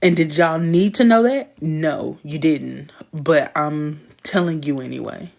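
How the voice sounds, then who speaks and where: A woman hosting a casual livestream, chatting with viewers and reading their comments in an animated, emphatic way, laughing often. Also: deep voice, unhurried, vocal fry. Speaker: livestream host.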